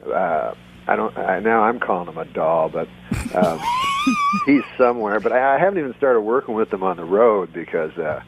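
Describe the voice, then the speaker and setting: A middle-aged man, a comedian calling in to a radio show, telling a deadpan bit in a halting way with sudden laughs. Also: fairly low pitch, gravelly, shouting, background noise. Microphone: phone.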